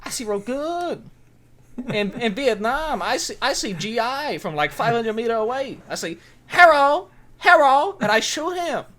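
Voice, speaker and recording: A man putting on a boastful sniper who speaks broken English. The voice sits high and swings widely in pitch. It is loud and brash, a comic bit. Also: very animated, moderate pace, exaggerated voice.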